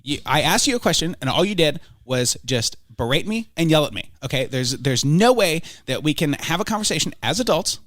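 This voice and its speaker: A fussy, indignant pundit trips over his words as he lectures, a man putting him on for a comedy podcast. The voice is pitched high and swings up and down, and it sits close and dry with no room echo. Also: big pitch swings, a little fast, hardly any pauses, fairly bright tone. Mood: lecturing. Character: man impersonating a combative conservative pundit.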